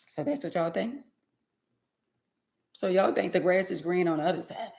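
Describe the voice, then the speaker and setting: A woman, talking sassily to her live audience in an animated, preachy monologue. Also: fairly low pitch, vocal fry. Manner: sassy, preachy, drawn-out exclamations and laughs.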